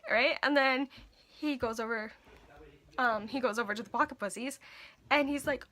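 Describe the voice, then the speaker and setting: Bright-voiced young woman telling a storytime. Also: medium pitch, normal speed. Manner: animated, filler-heavy storytelling with lots of "like". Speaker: vlogger. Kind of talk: casual storytime vlog.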